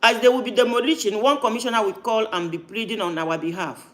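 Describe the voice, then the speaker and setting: A man with a strikingly high voice hosts a heated live-stream talk. He talks insistently and breaks in on others with strings of repeated no's. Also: fairly even intonation, fast talker, a bit bright.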